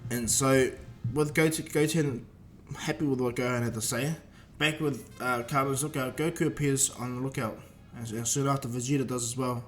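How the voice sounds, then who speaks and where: A man's voice: medium pitch, fairly even intonation, normal speed, hardly any pauses, soft background music. A man casually retelling a fan-made story in a loose, rambling way with many fillers.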